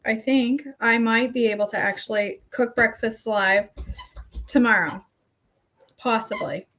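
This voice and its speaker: Chatty and rambling, a middle-aged woman addresses her followers unscripted, like a health coach's daily check-in, and jokes at her own expense. Her voice is a little high for a woman and a bit bright. There's a little hiss or hum in the recording.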